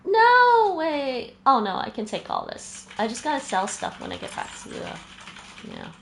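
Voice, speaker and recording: A woman's voice: medium pitch, wildly swooping pitch, normal speed, vocal fry, a bit bright, a little hiss or hum. A woman streaming a video game, chatting casually with her viewers and laughing often. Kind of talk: casual chat while gaming.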